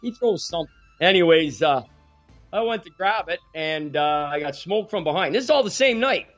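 A man's voice: a little high, animated, moderate pace, a bit bright, lo-fi sound, soft background music. A man in his forties from Ontario, a guest telling rambling, self-mocking stories in casual chat. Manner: rambling, self-mocking anecdotes with frequent restarts.

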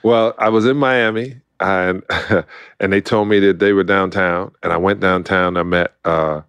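A middle-aged man from Brooklyn, an animated storyteller who acts out quotes and laughs often, talking as a guest in a casual interview. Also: low voice, unhurried, smooth, no room sound. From Brooklyn, New York. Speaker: guest, former basketball player.

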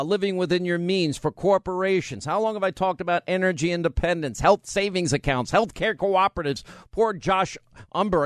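Brash new talk radio guy, kinda high voice, dry studio mic. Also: clean tone, no room sound. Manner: brash, combative, rapid-fire. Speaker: radio talk show host. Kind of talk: talk radio monologue and live reads. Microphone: studio microphone.

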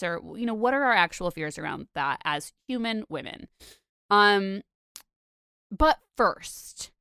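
A woman's voice: a little high, fairly bright tone, clear, resonant tone, no echo, clean studio sound. A young adult woman hosting a casual podcast, chatty and rambling with lots of fillers. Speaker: podcast host.

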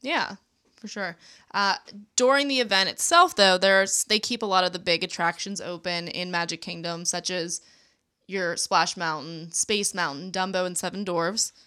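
Chatty woman with vocal fry. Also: fairly low pitch, normal speed, pushed and bright. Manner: chatty, lots of fillers and restarts. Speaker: podcast co-host. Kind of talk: casual chat.

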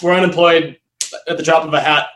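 A man's voice: fairly high pitch, steady tone, brisk, a bit bright, reverberant, rough recording. A man guest in a casual interview, rambling and laughing often as he trails off. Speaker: guest, Las Vegas entertainer.

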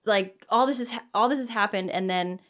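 A woman's voice: mid-range voice, brisk, fairly bright tone. Rambling woman telling a story. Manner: rambling, filler-heavy, self-mocking. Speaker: podcast guest. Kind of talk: casual comedic storytelling.

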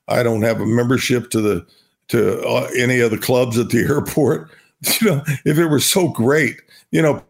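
A man's voice: mid-range voice, creaky. An older man from Oklahoma, a retired ballplayer, telling stories in a rambling, repetitive way as an interview guest. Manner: rambling, repeats himself, laughs while talking. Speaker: guest, retired baseball star. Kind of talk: casual interview storytelling.

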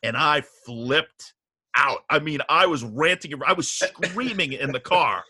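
A middle-aged man casually telling a long story on a podcast, animated and profane, getting riled up as he goes. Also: a little high, unhurried, breathy edge, dry recording.

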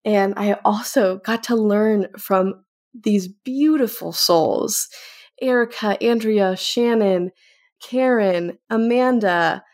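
A woman's voice: mid-range voice, slow, a little mellow. A young woman hosting a podcast segment, speaking in a heartfelt, grateful way and getting a little emotional. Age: young adult. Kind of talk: casual personal talk to camera.

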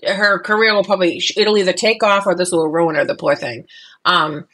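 A woman co-hosting a podcast, chatting casually about politics with many fillers and restarts and an animated delivery. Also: on the low side, brisk. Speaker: podcast co-host.

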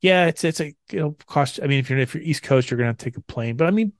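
A man's voice: a little high, fast, no room sound. Hesitant, dry-voiced male podcast host. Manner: hesitant, repeats words while thinking. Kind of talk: casual chat.

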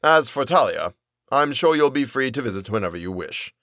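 A man's voice: medium pitch, very animated, brisk, a bit bright, no room sound, studio quality, pitched above the performer's own voice. A man playing a polite, falsely kind uncle who talks in a smiling, benevolent way. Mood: smooth. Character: smooth, falsely kind middle-aged uncle.

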